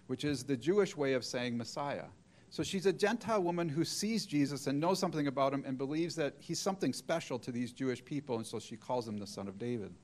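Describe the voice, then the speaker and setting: A middle-aged man preaching a sermon, retelling a story and acting out the quoted voices. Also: mid-range voice.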